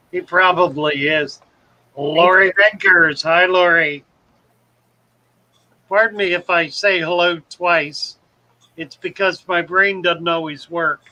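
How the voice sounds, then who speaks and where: On a low-quality recording, a livestream host chats casually, reading viewer comments, calling people by name, and joking at his own expense. His slightly high voice comes across bright and forceful.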